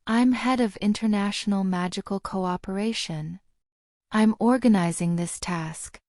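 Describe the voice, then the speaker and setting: Gruff middle-aged wizard man read by a woman, brusque, authoritative, mellow, dry. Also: mid-range voice, a little slow, no room sound, lightly acted.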